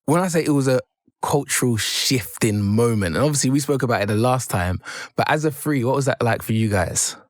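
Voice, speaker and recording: A man hosting an upbeat radio interview in a studio, energetic and hyping up his guests. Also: medium pitch, a little fast, dry recording. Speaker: radio host. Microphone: studio microphone.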